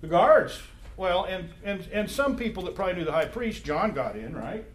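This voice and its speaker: A man's voice: high-pitched, expressive, normal speed. A man leading an informal Bible study, quizzing the group with questions in a conversational way. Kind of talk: informal Bible class teaching. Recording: echoey room.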